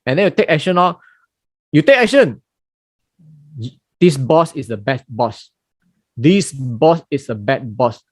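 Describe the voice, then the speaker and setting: A middle-aged man giving a dharma talk in a lecture room, animated and acting out everyday scenes with colloquial exclamations, with many fillers and restarts. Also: medium pitch, a little slow, pauses often, no room sound, clean studio sound. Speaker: Buddhist teacher.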